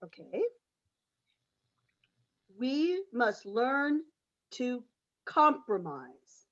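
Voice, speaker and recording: A woman playing an emotional mother in an amateur radio play, halting and theatrical, recorded on dull lo-fi audio. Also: a little high, sing-song, full character voice. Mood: hesitant. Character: emotional middle-aged mother, fed up with family trips.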